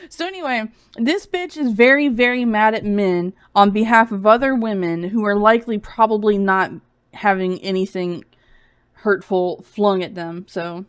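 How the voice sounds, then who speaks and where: A woman's voice: mid-range voice, a little slow, clean tone, no echo. A young woman streaming sarcastic commentary, mocking and giggly, sounding a bit feverish.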